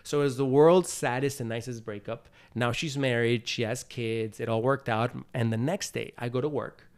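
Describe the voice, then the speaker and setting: A man's voice: mid-range voice, fairly even intonation, normal speed, clear, resonant tone. A man being interviewed as a guest, telling a personal story in a loose, casual way full of "like" and "you know.". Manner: acts out his own past thoughts in quotes. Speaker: interview guest, TV host and producer.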